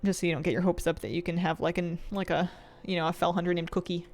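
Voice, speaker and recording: A woman's voice: lowish voice, little pitch movement, quick pace, a little mellow. A woman streaming a game, chatting casually in a rambling, playful way, laughing often and answering chat.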